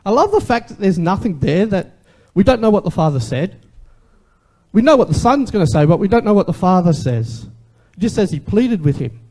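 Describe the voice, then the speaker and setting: Animated high-voiced preacher. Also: male voice, a little fast. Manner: animated, conversational, asks the congregation questions. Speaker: pastor. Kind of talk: sermon.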